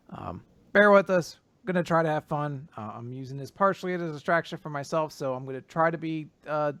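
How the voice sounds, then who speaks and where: A man's voice: mid-range voice, fairly bright tone, dry recording. Dry-miked podcast guy telling stories. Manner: grieving but joking, self-deprecating storytelling. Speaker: podcast co-host. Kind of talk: casual podcast chat.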